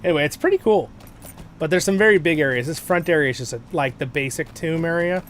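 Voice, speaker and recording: On a livestream with a touch of hiss or hum, a fast-talking man with a slightly high, fairly bright voice guides viewers through a game. He's chatty and casual, wandering off track and fixing his own slips as he goes.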